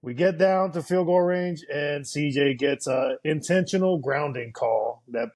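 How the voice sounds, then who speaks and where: A man's voice: on the high side, a little slow, darkish tone. Man recapping a football game on a podcast. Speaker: podcast co-host. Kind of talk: casual sports chat.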